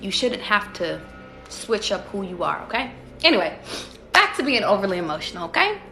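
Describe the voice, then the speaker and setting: A woman's voice: medium pitch, very animated, a little fast, vocal fry, sharp tone, roomy sound, soft background music. A woman who reads tarot, giving a casual livestream pep talk to her viewers. She talks profanely and emphatically and keeps asking rhetorical questions. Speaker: tarot reader.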